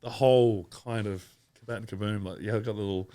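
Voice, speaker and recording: A man's voice: on the low side, fairly even intonation, a little fast, mellow, dry recording. Aussie guy in his 30s rambling on a podcast, laughs a lot, dry close mic. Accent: Australian. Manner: laid-back, rambling, laughs often. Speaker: podcast guest. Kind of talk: casual interview chat.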